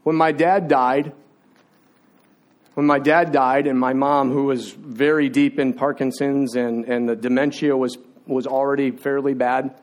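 A man's voice: medium pitch, steady tone, unhurried. A man preaching a sermon in an impassioned, confessional way, building through repeated phrases.

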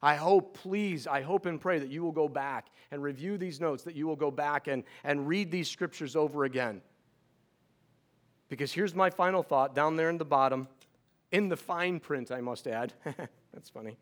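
A middle-aged man preaching a sermon as pastor, earnest and pleading, often restarting words in quick repeats. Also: fairly high pitch.

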